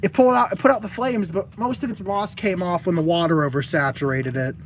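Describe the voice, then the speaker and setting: A woman's voice: fairly low pitch, brisk, a little hiss or hum, poor audio. Giggly young woman reading her own ideas. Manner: giggly, stumbling and self-mocking. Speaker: fan-game designer presenting ideas. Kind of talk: casual chat reading out her own writing.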